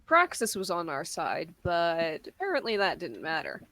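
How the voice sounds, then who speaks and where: A woman playing a tabletop game, briskly describing her character's actions. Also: lowish voice, wildly swooping pitch, pushed and bright. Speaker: player.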